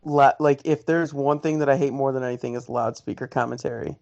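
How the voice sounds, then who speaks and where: A man's voice: mid-range voice, steady tone, brisk, creaky, darkish tone, no echo, muffled recording. Emphatic male podcast co-host, dry sound. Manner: emphatic, enthusiastic opinions with swearing. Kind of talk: casual podcast chat.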